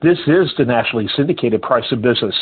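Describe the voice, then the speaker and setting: Husky radio host on a thin line. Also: male voice, medium pitch, quick pace. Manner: animated storytelling, talks through fillers. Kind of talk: casual on-air chat. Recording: phone-like radio audio.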